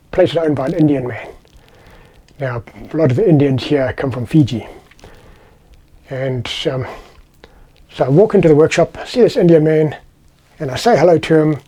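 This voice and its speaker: A man's voice: medium pitch, mellow, slightly rough. A middle-aged man from South Africa with a South African accent, telling personal stories in a casual, rambling, conversational way. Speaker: vlogger. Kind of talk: casual anecdotal storytelling.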